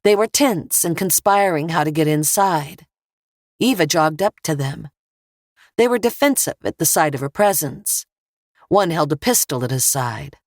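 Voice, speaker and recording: A woman narrating an audiobook thriller in a steady, measured read. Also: sits low, no room sound, studio quality.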